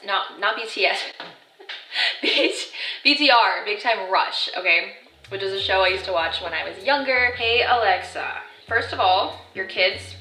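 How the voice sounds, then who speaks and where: Bright-voiced chatty young woman vlogger. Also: medium pitch, animated, unhurried. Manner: chatty, self-deprecating, reads messages aloud. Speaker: vlogger and actor. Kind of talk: casual vlog chat. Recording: roomy echo, mic at a distance, faint music.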